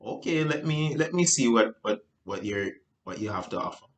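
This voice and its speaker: A man voicing a flat, unexcited male client in a sales role-play. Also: on the low side, moderate pace, a little hiss or hum, close to an everyday voice. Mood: unimpressed.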